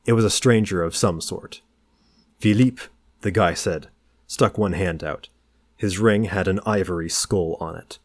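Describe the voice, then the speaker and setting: A man narrating a novel as an audiobook reader, in a calm, measured way. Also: deep voice, dry recording, clean studio sound.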